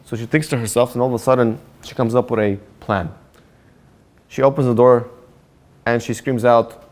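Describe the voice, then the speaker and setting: A man, a rabbi, telling a story and drawing a life lesson from it in an animated way. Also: mid-range voice, moderate pace, long pauses. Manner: animated storyteller, repeats himself when excited. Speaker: rabbi teaching a Torah class. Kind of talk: storytelling sermon with a moral lesson.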